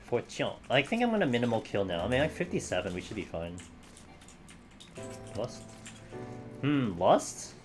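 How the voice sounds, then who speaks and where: A man's voice: mid-range voice, sing-song, normal speed, long pauses. A man chatting casually with his live-stream audience while he plays, joking and swearing now and then. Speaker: video game streamer. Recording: game music playing under the voice.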